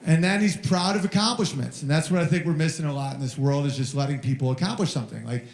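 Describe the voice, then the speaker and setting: A male stand-up comedian on a handheld mic, rambling through stories and jumping into high shouted voices for his kid. His voice sits a little higher than most men's. The live venue gives it a roomy, echoing sound. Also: fast, creaky.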